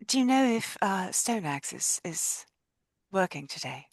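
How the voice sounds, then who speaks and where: A woman speaking in character as a tabletop game player. She sounds hesitant and often restarts her sentences. Her voice is very low and gravelly, recorded dry. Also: very animated, unhurried, no room sound. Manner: hesitant, with repeated starts.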